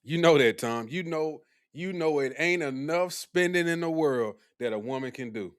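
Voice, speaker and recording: A young man hosting a casual live stream, animated and teasing as he talks back to his chat. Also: fairly high pitch, moderate pace. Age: young adult.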